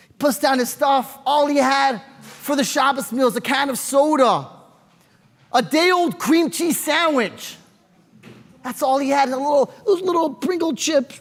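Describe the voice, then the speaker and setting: A man telling a story in a lively, sing-song way, acting out the scenes. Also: very high-pitched, a little slow, in a large hall. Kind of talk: animated oral storytelling.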